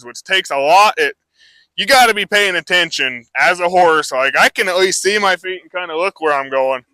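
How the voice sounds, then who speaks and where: An easygoing male horse trainer talks a live crowd through his work, loose and chatty. His voice is very bright and a little higher than most men's, with a dry, close sound. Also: normal speed, no room sound. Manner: casual, rambling explanation with many fillers.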